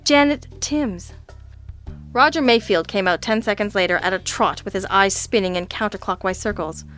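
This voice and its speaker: Female narrator for a detective audiobook, dry and wry, mid-range pitch. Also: fairly quick, a bit bright, soft background music. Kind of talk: audiobook reading of a detective story.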